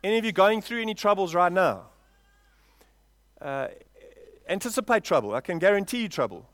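A man with a high voice preaches a sermon, dry and close with little room sound. He swings from loud, drawn-out lines down to quiet asides. He keeps turning to his congregation with questions. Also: lively intonation, no room sound. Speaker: pastor. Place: church, before a congregation.

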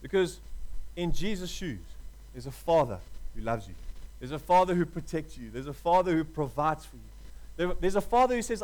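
A man preaching a sermon with passion, dropping to a hush and rising to loud appeals, calling his listeners "folk". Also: high voice, animated, a little fast, low-quality recording. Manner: passionate, swings from hushed to loud.

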